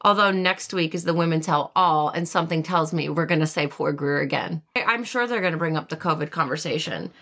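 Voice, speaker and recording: Low-voiced sarcastic woman recapping. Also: a little fast, few pauses, sharp tone. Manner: sarcastic, gossipy, quotes people in mock voices. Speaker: podcast co-host. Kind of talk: casual recap chat.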